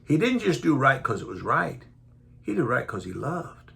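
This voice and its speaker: A man's voice: mid-range voice, normal speed, vocal fry. A man preaching a Bible teaching sermon, reading verses aloud and then retelling them in folksy everyday speech, acting out the disciples' voices. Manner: animated, acts out the disciples' voices.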